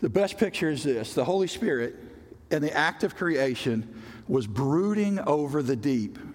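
A man preaching a sermon as a pastor, emphatic, swinging from loud bursts to quiet, drawn-out words. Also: fairly high pitch, expressive. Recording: long reverb of a large hall.

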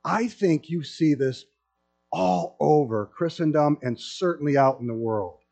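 A man's voice: a little high, unhurried, creaky, soft background music. A middle-aged man preaching a sermon to a congregation, telling stories with humor. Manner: storytelling with humor, animated. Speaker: pastor. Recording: dull lo-fi sound.

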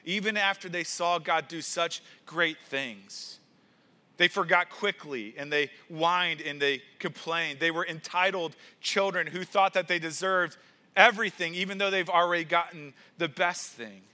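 Man, pastor, sermon, earnest preaching, bright tone, high voice. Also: measured pace. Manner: earnest preaching with rising emphasis and repeated words.

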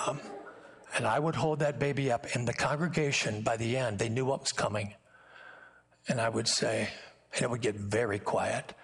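An older man preaching a sermon, moving between impassioned acted-out scenes and quiet, intimate storytelling. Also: medium pitch, slightly rough. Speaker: guest pastor. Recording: church sanctuary sermon audio.

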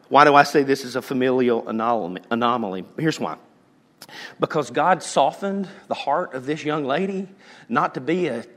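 A man, preaching a sermon as pastor, telling stories and swinging from hushed to loud. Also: mid-range voice. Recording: long reverb of a large hall.

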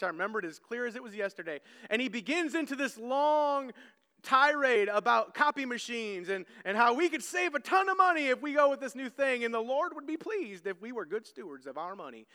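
A man's voice: extremely high pitch, expressive, fairly quick, bright, forceful tone, clear, resonant tone. A man preaching a sermon as pastor, telling stories earnestly and often repeating words as he restarts a phrase. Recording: long church hall reverb.

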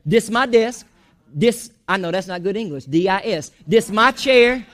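High-voiced animated preacher man. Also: unhurried. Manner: animated, preaching with jokes and asides. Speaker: pastor. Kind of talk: sermon. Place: church.

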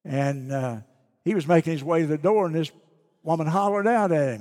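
A man preaching a sermon, telling a story slowly and reading scripture aloud. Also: fairly high pitch, darkish tone, in a large hall. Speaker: pastor.

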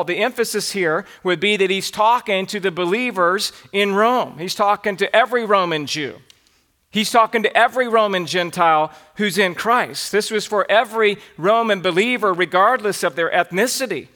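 A Southern American pastor delivers an expository sermon in a high, ringing voice. He moves through his outline point by point and reads scripture passages aloud as he teaches. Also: normal speed, pushed and bright.

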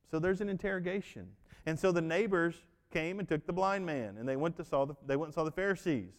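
Male pastor, folksy animated preacher, higher register, reverberant church hall. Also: fast talker. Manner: folksy, animated storytelling with acted-out voices. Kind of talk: sermon.

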